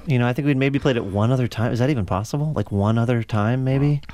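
A man's voice: mid-range voice, quick pace, a little mellow. A man musician talking in an easygoing, rambling way in a casual interview. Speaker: musician guest.

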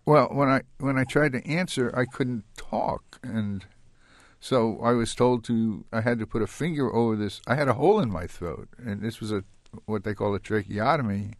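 Older man recounting his story, halting. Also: medium pitch, no room sound, studio quality. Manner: halting and reflective, with frequent restarts and soft laughs. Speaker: guest. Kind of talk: recounting a personal story in an interview.

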